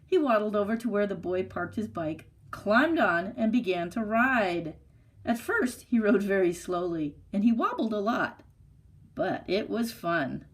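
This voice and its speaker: A woman librarian reading a picture book aloud for storytime, slow and expressive. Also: mid-range voice. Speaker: youth services librarian.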